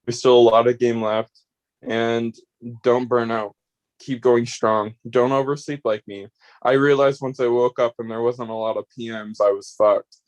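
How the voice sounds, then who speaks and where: A man's voice: medium pitch, flat delivery, normal speed, lo-fi sound. A man giving a rambling, heartfelt farewell speech on voice chat as an eliminated player. He swears freely and grows emotional.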